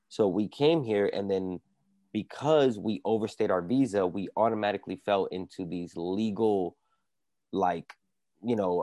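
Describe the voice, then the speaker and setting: Man, from the Dominican Republic, very deep voice, dry close sound, earnest storytelling, casual chat. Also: dark tone, dry recording. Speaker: comedian guest. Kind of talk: casual conversation.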